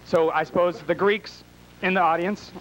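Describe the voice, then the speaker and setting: A man's voice: high-pitched, steady tone, moderate pace, a bit bright, a little hiss or hum, rough recording. A man emceeing a live game show in a small bar, teasing and wisecracking with the contestants and the crowd.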